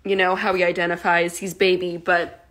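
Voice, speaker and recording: A woman's voice: on the low side, flat delivery, moderate pace, fairly bright tone. A young woman chatting casually on a phone livestream, giggling and cooing baby talk at her cat. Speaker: livestream host.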